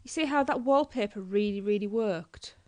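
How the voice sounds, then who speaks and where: A woman's voice: medium pitch, moderate pace, darkish tone, dry recording. A woman with a Northern English accent, co-hosting a podcast in a bubbly, cheeky, laughing way. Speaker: podcast co-host. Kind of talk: casual podcast chat.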